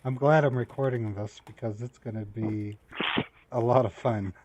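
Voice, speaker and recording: A man's voice: mid-range voice, steady tone, moderate pace, a little mellow. A man hosting a prank call with a scammer, mocking and teasing her. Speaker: scambaiter host. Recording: dull lo-fi sound.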